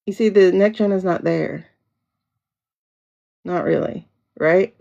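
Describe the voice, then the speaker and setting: A woman's voice: fairly low pitch, unhurried, gravelly, mellow. A woman hosting a casual livestream, chatting with viewers and greeting them by name. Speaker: livestream host. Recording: lo-fi downloaded livestream audio.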